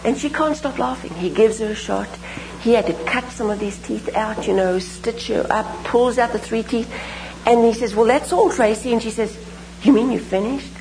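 A woman preaching a sermon, telling stories and praying in an animated, emphatic way with repeated phrases. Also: on the high side, moderate pace, vocal fry, slight background noise, poor audio. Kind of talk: sermon with storytelling and prayer.

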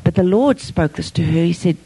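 A middle-aged woman preaches to parents in a warm, mellow voice with a gravelly edge. She speaks earnestly and with emphasis, sometimes sinking to a hushed, breathy tone, and her voice has a husky grain throughout. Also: on the low side, lively intonation, fairly quick, low-quality recording. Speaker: Christian speaker teaching parents. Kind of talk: personal-story sermon.

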